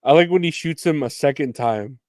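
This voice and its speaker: A man co-hosting a casual podcast chat, laid-back and quick to laugh. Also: fairly high pitch, darkish tone, no room sound, studio quality. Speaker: podcast co-host.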